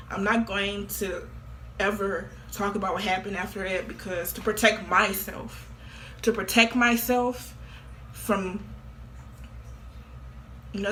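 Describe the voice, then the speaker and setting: A young woman in her late teens speaks straight to her viewers in a casual monologue. Her voice is bright and forward, and she sounds blunt and offhand. A faint hiss of noise sits under her. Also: medium pitch. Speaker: vlogger.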